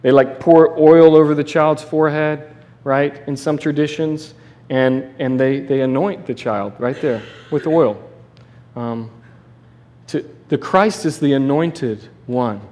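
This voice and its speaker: A man preaching a sermon in a conversational, animated way, with restarts and asides. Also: fairly high pitch, slow pace. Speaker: pastor.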